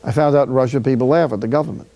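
A friar from City, preaching a sermon through a lively personal story with acted-out dialogue. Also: male voice, mid-range voice, very fast. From Jersey City, New Jersey.

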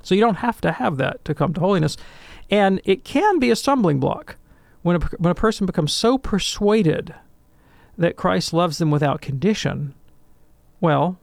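A man in a call-in radio discussion, answering a listener's question in an animated, lecturing way and checking in with "right?". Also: high voice, moderate pace, gravelly, dry recording.

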